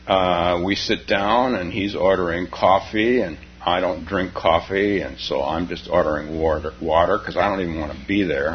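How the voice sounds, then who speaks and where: An older man, a Zen teacher, giving a dharma talk full of personal stories and frequent chuckles. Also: deep voice. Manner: chuckles often while telling stories. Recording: dull lo-fi recording with faint noise.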